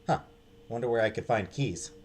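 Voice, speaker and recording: A man's voice: medium pitch, normal speed, close to an everyday voice. A man voicing a stubborn young adventurer in a game, talking in urgent, defiant bursts. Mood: determined.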